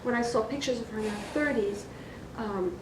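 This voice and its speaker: A woman interviewing, asking soft probing questions and sharing her own memories. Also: moderate pace. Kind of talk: conversational interview. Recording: roomy, noisy with low rumble.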